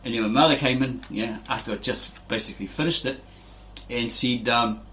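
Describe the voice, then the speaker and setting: Man, middle-aged, casual storytelling, animated, mid pitch. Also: brisk. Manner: animated, acts out quoted voices, frequent "right?" tags. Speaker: fitness video host.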